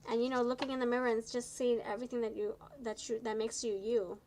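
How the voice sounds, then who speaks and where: Tired lady doing a live tarot stream, kinda high voice, chatty and encouraging, trips over words, faint hiss behind. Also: little pitch movement, quick pace, a little mellow, low-quality recording. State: tired, low energy. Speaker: tarot reader.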